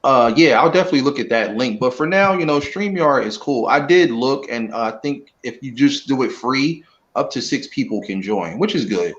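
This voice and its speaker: A man talking as a guest in a casual live-stream interview, relaxed and earnest, rambling a little. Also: mid-range voice, moderate pace. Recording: dull lo-fi audio.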